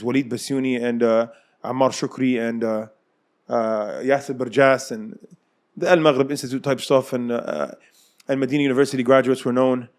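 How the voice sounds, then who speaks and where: An American man casually telling his own life story, acting out the people in it and often laughing. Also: medium pitch. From United States. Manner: animated, acts out dialogue, laughs often.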